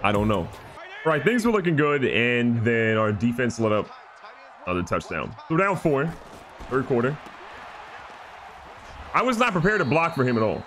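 A man giving excited, joking gameplay commentary as a gaming YouTuber. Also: medium pitch, moderate pace, pauses often, over music. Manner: animated, joking, trash-talking.

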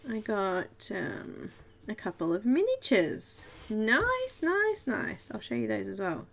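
A woman's voice: medium pitch, lively intonation, measured pace, creaky, a little mellow. Chatty Australian woman colouring live. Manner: chatty, giggly, talks to viewers while working. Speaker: host of a live colouring stream. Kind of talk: casual live tutorial chat.

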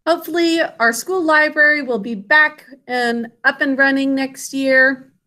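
Bright high-voiced woman teaching phonics. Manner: slow, drawn-out sounding out of words; encouraging praise for students. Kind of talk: spelling and phonics lesson.

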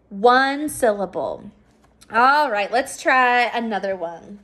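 A woman teacher giving a recorded phonics lesson for children, patient and sounding out words slowly. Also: on the high side, animated, fairly bright tone, a little hiss or hum.

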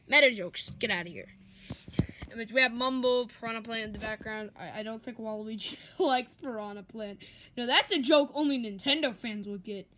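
A woman's voice: on the high side, pushed and bright. A woman rambling through a casual haul vlog, offhand and swearing mildly. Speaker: vlogger.

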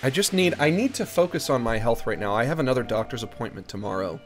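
Male streamer with a mid-pitched voice, joking and rambling through casual chat. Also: expressive, fast, soft background music.

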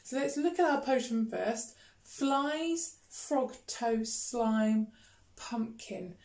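A woman music teacher with a British accent leading a children's rhythm lesson, chanting words slowly with gasps and playful disgust. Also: fairly high pitch, echoey room. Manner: animated storytelling, gasps and exaggerated disgust.

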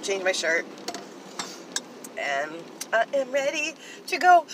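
A woman chatting excitedly to viewers in a casual vlog, talking straight to the camera about her finds. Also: a little high, slow pace, pauses often, a little hiss or hum, low-quality recording. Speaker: vlogger. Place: in a car, rain outside.

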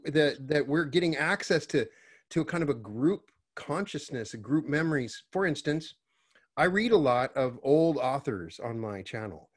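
A man hosting an interview who thinks aloud and asks long, searching questions. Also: mid-range voice. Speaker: host. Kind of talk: casual interview conversation.

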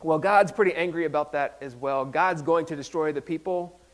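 A man's voice: on the high side, fairly quick. A man pastor giving a casual, conversational sermon in a playful, self-deprecating manner, often restarting his sentences.

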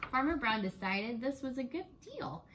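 Animated woman teacher reading aloud. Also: high voice, normal speed, a little hiss or hum. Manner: expressive, animated storytelling. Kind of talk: reading a picture book aloud.

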